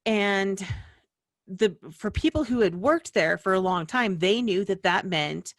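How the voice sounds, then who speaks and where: A woman's voice: mid-range voice, expressive, measured pace, dry recording, studio quality. A woman hosting a small-business video, from the western United States, talking in a chatty, rambling way full of asides and restarts. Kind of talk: casual rambling explainer.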